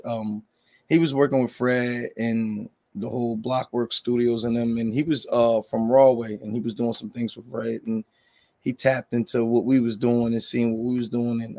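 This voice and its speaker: A man's voice: mid-range voice, mellow. Joking New man telling stories. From New Jersey. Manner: loose and joking, storytelling, with slang and restarts. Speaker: music label head. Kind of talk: casual interview talk.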